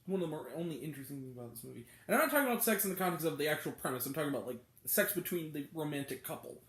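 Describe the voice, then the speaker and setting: A man rants through a film review with a blunt, exasperated edge, swearing freely. His pitch swings widely from line to line. The room around him rings with echo. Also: animated, rapid-fire, fairly bright tone. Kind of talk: ranting movie review.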